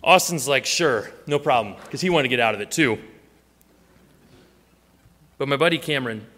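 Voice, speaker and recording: A man's voice: mid-range voice, animated, normal speed, sharp tone, long reverb tail. A man preaching a sermon, telling stories and acting out the voices he quotes. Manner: storytelling, acts out quoted voices. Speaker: pastor.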